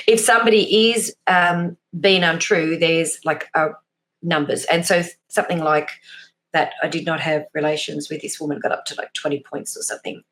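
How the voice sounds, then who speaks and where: A woman's voice: deep voice, steady tone, moderate pace, a bit bright. A woman, a behavioural profiler chatting as an interview guest, loose and self-deprecating, acting out small examples as she explains. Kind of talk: casual interview chat.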